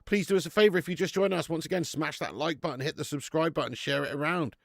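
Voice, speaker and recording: Gravelly, sweary bloke hosting a watch-along. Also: male voice, fairly high pitch, fast, a bit bright, no room sound, clean studio sound. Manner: sweary, laughing banter with chat. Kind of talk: live football watch-along chat with viewers.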